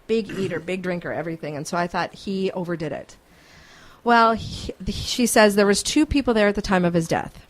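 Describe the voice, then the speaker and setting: A woman hosting a morning radio show, telling a story in an animated, chatty way. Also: lowish voice, a little fast. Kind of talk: casual radio chat, storytelling. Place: radio studio.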